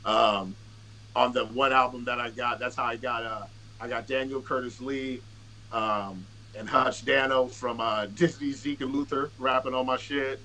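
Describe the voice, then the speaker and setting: A man's voice: mid-range voice, steady tone, moderate pace, sharp tone, a little hiss or hum, rough recording. A man, a rapper guesting on a podcast, telling long profane anecdotes in casual conversation, restarting sentences and acting out what others said. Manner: profane, rambling anecdotes with quoted dialogue; restarts and filler-heavy delivery. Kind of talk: casual storytelling.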